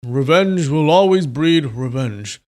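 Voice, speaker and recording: A man's voice: a little high, lively intonation, slow, a little mellow, voice pushed up. A man voicing an earnest male martial sect elder, speaking firmly.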